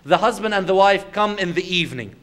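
High-voiced male Islamic lecturer. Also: expressive. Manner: storytelling, with rhetorical questions; swings between loud emphasis and quiet, slow earnestness. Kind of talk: lecture to a religious audience.

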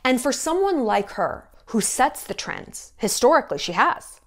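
A woman's voice: on the high side, very animated, normal speed. A woman in her thirties talking in a blunt, gossipy, profane way in a casual commentary vlog. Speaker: YouTube commentator.

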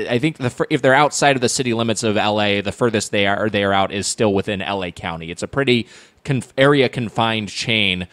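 Male podcast co-host, mid-pitched, jokey, runs the show, dry close mic. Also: fairly bright tone, dry recording. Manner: joking, runs the segments. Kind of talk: casual comedic podcast chat. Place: home recording room.

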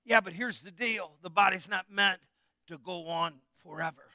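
A man's voice: sits high, normal speed, sharp tone, dry recording, clean studio sound. A middle-aged man, a pastor, preaching a conversational, jokey sermon with call-and-response to his congregation.

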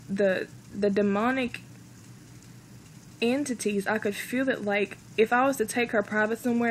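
A woman recounts a personal faith story with earnest emotion, close to tears and often repeating herself. Her pitch stays level and unvaried, with faint noise behind her. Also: poor audio. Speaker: vlogger.

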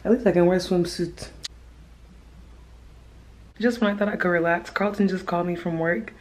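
A woman's voice: fairly low pitch, fairly even intonation, moderate pace, darkish tone. A young woman chatting casually to camera in a vlog, gushing and laughing often. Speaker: vlogger.

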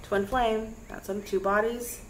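A young woman giving a casual tarot reading to camera, chatty and lively, talking straight to her viewers. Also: fairly high pitch, measured pace, noisy background. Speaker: tarot reader.

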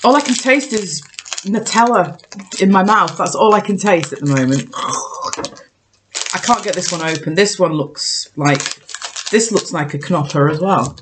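A woman chats on camera while she tastes snacks. Her voice sits fairly low but swings widely in pitch, and she talks unhurriedly. She jokes about herself and thinks out loud, with a faint hiss in the background. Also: lively intonation, unhurried, pauses often. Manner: chatty, self-mocking, thinks aloud while tasting. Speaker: vlogger. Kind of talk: casual snack-tasting chat.

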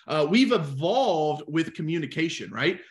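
A young adult man coaching insurance agents in a live webinar, energetic and talking straight to the chat. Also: a little high, unhurried. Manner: energetic, animated, talks to the chat.

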